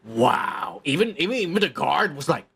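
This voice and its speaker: Man, podcast host, gravelly raspy voice, fairly high, angry swearing rant, repeats himself. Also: big pitch swings, moderate pace, fairly bright tone. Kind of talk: profane ranting commentary.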